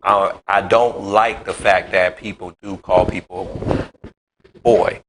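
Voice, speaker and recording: Emphatic low-voiced man, faint room ambience. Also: fairly even intonation, slow pace, noisy background. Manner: emphatic, heated, rising in pitch when worked up. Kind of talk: casual conversation.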